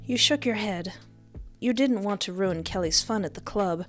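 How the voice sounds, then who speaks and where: A woman's voice: mid-range voice, moderate pace, fairly bright tone, faint music behind. Playful woman reading a story game aloud. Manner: playful, laughing asides. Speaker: game streamer. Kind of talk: playing and reading a visual novel aloud.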